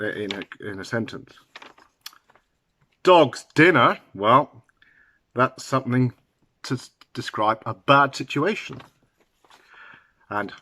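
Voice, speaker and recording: A man teaching English idioms to learners, talking slowly and halting now and then with fillers and restarts. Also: on the low side, pushed and bright, dry recording.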